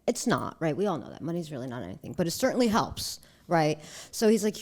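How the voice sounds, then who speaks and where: A woman in her thirties with a slightly low voice tells her own story on a casual podcast. She is animated and chatty, with a steady stream of "like" and "right?". She slips into the voices of others as she retells conversations. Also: fast, hardly any pauses. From New Jersey. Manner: animated, acts out quoted dialogue with lots of "like" and "right?". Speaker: guest, real estate agent.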